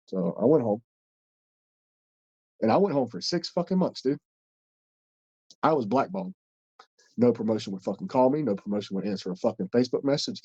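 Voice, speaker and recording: Man, podcast host, casual storytelling, rambling and profane, mellow low-toned voice, slightly muffled audio. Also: no room sound. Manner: blunt, heavy swearing, rambling.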